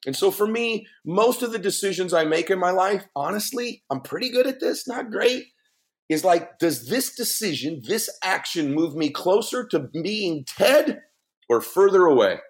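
A middle-aged man speaking as a guest on a podcast, telling a personal story in an earnest, emphatic way with big swings in pitch. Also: animated, normal speed. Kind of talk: heartfelt podcast conversation.

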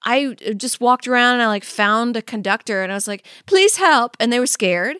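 A young woman co-hosting a podcast, telling stories in a lively, casual way with some swearing. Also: on the high side, brisk, clear, resonant tone, dry recording, studio quality. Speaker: podcast co-host. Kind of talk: casual chat.

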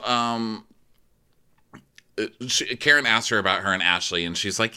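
A man's voice: medium pitch, unhurried, bright, forceful tone, clear, resonant tone. A man co-hosting a podcast, recapping a reality show in chatty, exasperated commentary. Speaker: podcast co-host. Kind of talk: casual recap chat.

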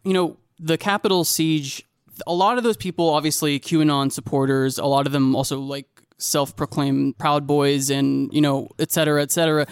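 A man's voice: fairly high pitch, fairly even intonation, moderate pace, smooth, no room sound, studio quality. A man co-hosting a casual podcast, asking questions with joking asides. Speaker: podcast co-host.

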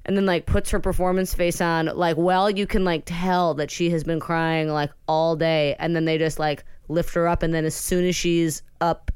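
Low-pitched, smooth-voiced woman podcaster. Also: flat delivery, normal speed, few pauses, darkish tone, no room sound. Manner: rambling, filler-heavy storytelling. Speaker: podcast co-host. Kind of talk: casual gossip chat.

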